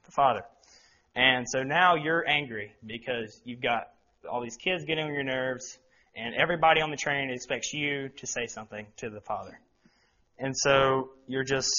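A man's voice: medium pitch, sharp tone. A young man giving an earnest sermon to a congregation, with frequent ums and restarts. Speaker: lay preacher. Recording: dull lo-fi recording.

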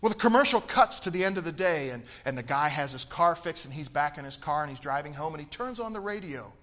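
High voiced middle-aged preacher guy from tennessee, bright tone, drops low for asides then gets loud. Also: lively intonation, fast. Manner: storytelling, swings from low asides to loud emphatic bursts. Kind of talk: sermon with a humorous personal story.

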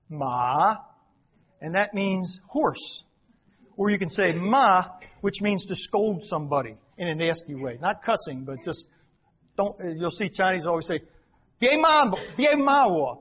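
A man's voice: sits high, slight background noise. A man teaching a church group in a folksy way, repeating words for emphasis. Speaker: missionary teacher. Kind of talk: church talk explaining Chinese characters. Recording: dull lo-fi recording.

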